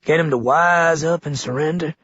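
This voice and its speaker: A man's voice: a little high, moderate pace, a bit bright, breathy edge, no echo. A man doing a menacing false-soothing tyrant. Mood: falsely gentle. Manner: falsely soothing, then snarling. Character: menacing scheming male leader, wounded. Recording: dull lo-fi dry recording.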